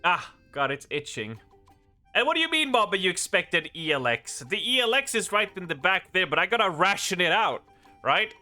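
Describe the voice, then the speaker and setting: A male streamer rambles and jokes with his live chat in a very bright, forceful, slightly high voice. Faint music plays underneath. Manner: joking, rambling, often laughing at himself. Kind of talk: casual live-stream chat while gaming.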